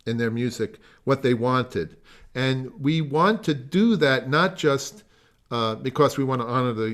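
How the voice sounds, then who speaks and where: A man teaching a music masterclass over a video call, explaining at length, trailing off into asides and singing phrases to demonstrate them. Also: mid-range voice. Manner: explanatory, digressive, sings phrases.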